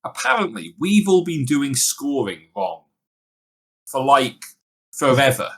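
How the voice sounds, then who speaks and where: A man's voice: mid-range voice, big pitch swings, slow. A man co-hosting a casual podcast chat, jokey and talkative. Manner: chatty, jokey, puts on mock voices. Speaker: podcast co-host.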